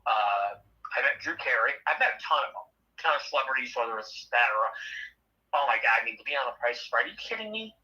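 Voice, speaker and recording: A man's voice: mid-range voice, fast, lo-fi sound. A middle-aged man and former radio host, chatting casually and telling blunt, profane stories. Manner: blunt, profane, animated storyteller. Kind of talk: casual chat.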